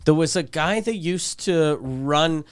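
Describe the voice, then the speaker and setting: A man's voice: on the high side, takes it slowly, clear, resonant tone. A middle-aged man, telling a story in a rambling, profane way full of restarts. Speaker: comedian and podcast co-host. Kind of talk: casual storytelling chat.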